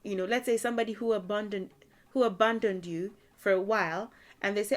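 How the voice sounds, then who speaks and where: A woman gives a relaxed video language lesson in an easy, conversational tone. She fills her explanations with "you know" and laughs often as she works through examples. Her voice sits at an ordinary middle pitch. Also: brisk. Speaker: language teacher.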